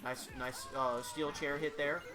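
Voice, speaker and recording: A commentator giving casual, excited play-by-play of computer fighting matches. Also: mid-range voice, measured pace, music in the background.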